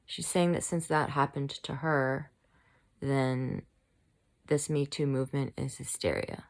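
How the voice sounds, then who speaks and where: A woman's voice: rumbling low, fairly even intonation, unhurried. A woman vlogger delivering a heated, angry commentary, shaking and fired up as she rants. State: shaking with anger. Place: home room, bad lighting.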